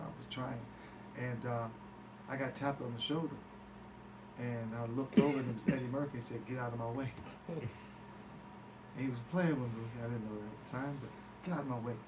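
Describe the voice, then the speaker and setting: Man, animated storyteller, swears freely, medium pitch, far from the mic, hissy background. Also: moderate pace. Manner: lively, acts out quotes, swears freely. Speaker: guest telling a story. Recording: distant mic with background hiss.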